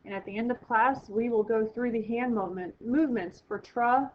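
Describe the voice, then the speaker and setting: A woman with a fairly high voice teaches a recorded vocabulary lesson. She explains each word clearly and step by step for her students. The sound is a little dull and lo-fi, with a faint hiss behind it. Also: normal speed.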